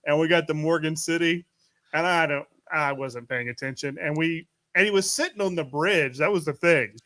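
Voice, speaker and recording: A man's voice: on the high side, normal speed, bright, forceful tone, dry recording. A man from Louisiana hosting a podcast, rambling through stories and laughing often in casual chat. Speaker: podcast host.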